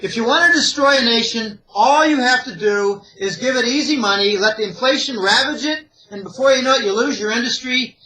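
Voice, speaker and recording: An interview guest and economic analyst from Greater Pittsburgh talks in an extremely high, sharp voice, a touch fast and barely pausing. The low-quality recording captures him repeating insistent, opinionated warnings.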